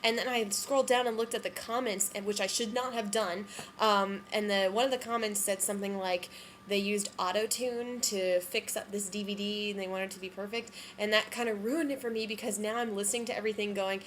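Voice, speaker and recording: A woman's voice: medium pitch, steady tone, a little fast, slight background noise. A woman giving casual commentary on musical theatre recordings, chatty and hedging, with frequent ums and self-corrections. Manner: unsure, hedging her opinions.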